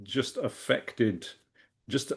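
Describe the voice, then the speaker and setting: Soft-spoken man searching for words. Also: medium pitch, extremely slow, creaky, breathy edge. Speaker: call participant. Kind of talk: casual sharing on a group call.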